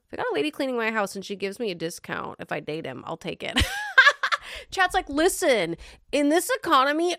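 A young woman doing casual live-stream commentary, reading online stories aloud and reacting with animated, expressive disbelief and quick laughs. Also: mid-range voice, gravelly, no room sound, clean studio sound.

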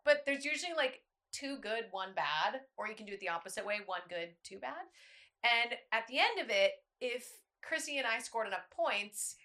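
A woman's voice: on the high side, expressive, normal speed, bright, forceful tone. A woman co-hosting a podcast, chatting casually, laughing often and explaining things step by step. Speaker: podcast co-host. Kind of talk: casual chat.

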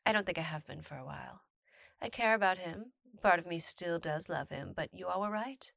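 A woman reading a personal post aloud and breaking in with playful, animated commentary. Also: on the low side, brisk, vocal fry, no room sound, studio quality. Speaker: storytime narrator reading posts.

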